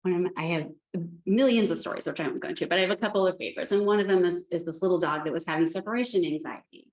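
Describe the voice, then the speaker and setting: A woman's voice: lowish voice, racing. Chatty woman in an echoey room. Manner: chatty storytelling with restarts. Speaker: animal communicator. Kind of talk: spiritual talk.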